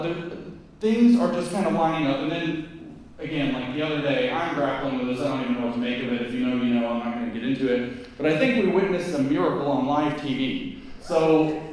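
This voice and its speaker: A man's voice: fairly high pitch, a little mellow. Man, guest speaker, live lecture, emphatic conversational delivery, heavy room echo, distant mic. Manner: conversational, emphatic, with quick asides and restarts. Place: event hall before a live audience. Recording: very echoey hall, mic at a distance.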